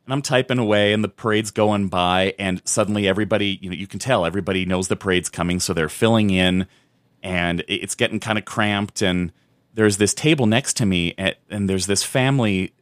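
A man with a fairly low voice tells a casual story on a podcast, restarting his sentences often as he goes. The recording is dry and close, with no room sound. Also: a little fast, no room sound. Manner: rambling storyteller with many restarts. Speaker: podcast co-host. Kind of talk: casual chat.

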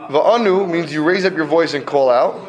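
A man's voice: fairly high pitch, moderate pace, crowd noise. A man teaching a classroom Talmud lesson, explaining step by step and checking in with students often.

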